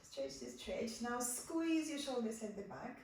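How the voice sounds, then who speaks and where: Gentle yoga teacher woman in an echoey room. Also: on the high side, sing-song, a little slow. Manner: gentle, repeats soft cues. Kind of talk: guided yoga class instruction. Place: home room. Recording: echoey room, far from the mic, faint background.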